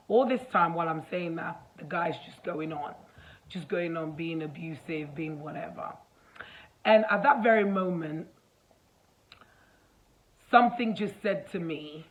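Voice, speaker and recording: A woman vlogger in casual storytelling mode, animated, acting out the dialogue as she goes. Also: fairly low pitch, a little slow, slight background noise, low-quality recording. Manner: animated, acts out dialogue, fillers.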